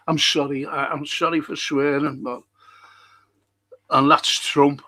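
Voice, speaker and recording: An older man from Liverpool, England, a livestream host and historian, chats casually, greeting viewers and reacting to their comments. His voice is a little high with a flat, sharp tone, unhurried and marked by long pauses, and there is no echo.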